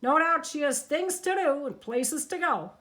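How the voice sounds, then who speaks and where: A woman's voice: sits high, lively intonation, unhurried, a bit bright, pitched above the performer's own voice. A theatrical, wheedling showman of a man, put on by a woman reading a storybook aloud. His sing-song voice climbs a little above the reader's own and swings widely as he coaxes and gushes. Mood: cajoling. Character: flamboyant, fast-talking male showman, wheedling.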